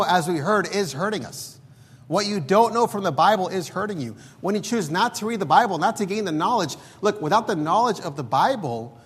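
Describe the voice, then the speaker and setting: A man's voice: on the high side, slightly rough, long reverb tail. A man preaching a sermon, reading scripture aloud in an emphatic, pleading way.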